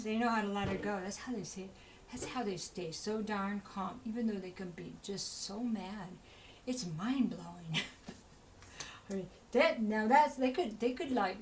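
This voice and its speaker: A woman's voice: mid-range voice, a little hiss or hum, poor audio. A woman giving a casual spoken tarot reading, chatty and rambling, with many asides to the listener and an encouraging tone. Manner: chatty, rambling, full of "you know" asides; encouraging, talks straight to the listener. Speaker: tarot reader.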